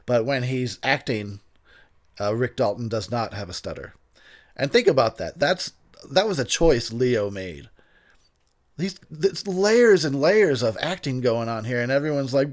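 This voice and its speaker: A man's voice: medium pitch, moderate pace. A tipsy man hosting a casual movie commentary, rambling and laughing often.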